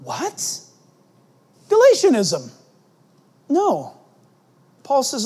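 A man's voice: high voice, big pitch swings, normal speed, pauses often, mellow. A male pastor preaching an expository sermon, emphatic and full of rhetorical questions.

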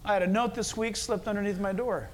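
A man's voice: high-pitched, steady tone, fast, a little hiss or hum. Storytelling male pastor preaching. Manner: storytelling, swings from quiet to loud. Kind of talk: sermon.

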